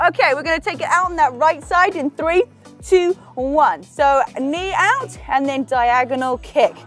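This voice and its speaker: A woman's voice: high-pitched, unhurried, fairly bright tone, faint music behind. A woman with an English accent leading a group workout, upbeat and laughing often as she counts down reps and chats with her trainers. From England. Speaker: fitness instructor. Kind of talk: leading a workout, chatty cues.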